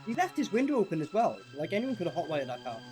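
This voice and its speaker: A man's voice: high voice, big pitch swings, quick pace, a little mellow, faint music behind. A young man hosting a film review chat, sweary and mocking, often talking over his co-host. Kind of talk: casual chat.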